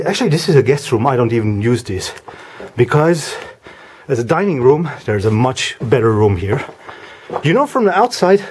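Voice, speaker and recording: A man talking casually as he walks through a house, giving a vlog tour with a chatty, wry, deadpan humor. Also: medium pitch, a little hiss or hum. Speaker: vlogger house sitting.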